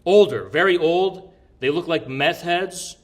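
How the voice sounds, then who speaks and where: A man's voice: a little high, unhurried. A man telling a story in casual chat, brash and profane, rambling with restarts. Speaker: podcast guest recounting an event.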